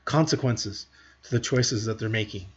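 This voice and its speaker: Earnest man with a husky voice. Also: on the low side, moderate pace, dull audio. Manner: earnest, talks to parents directly with rhetorical questions. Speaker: parenting educator. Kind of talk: teaching monologue to camera.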